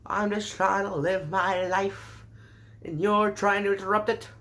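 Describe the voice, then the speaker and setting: A man's voice: sits high, flat delivery, unhurried, pushed and bright, pitched above the performer's own voice, exaggerated voice. A man doing a careless teen anime boyfriend. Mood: dismissive. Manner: slangy, careless, irritated. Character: dismissive teenage anime boyfriend, male.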